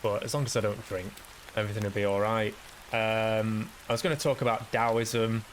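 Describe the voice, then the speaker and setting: A podcast host delivers a rambling solo monologue, swearing freely and poking fun at himself. His fairly low voice barely shifts in pitch and keeps a moderate pace. The low-quality recording carries a faint hiss.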